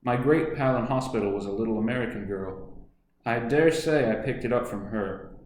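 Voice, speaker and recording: A spirited young woman, blunt and guarded, voiced by a man reading aloud questions every offer. Her lines come in a plain, mid-pitched voice that echoes around a roomy space. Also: normal speed, darkish tone, natural voice. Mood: wary firm. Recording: echoey room.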